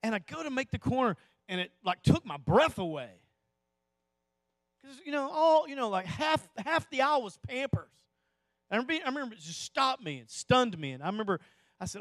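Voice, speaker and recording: A man preaching a sermon to a church audience, telling a personal story that swells into impassioned pleading and drops to hushed, slow emphasis. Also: very high voice, very animated, no echo. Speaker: pastor.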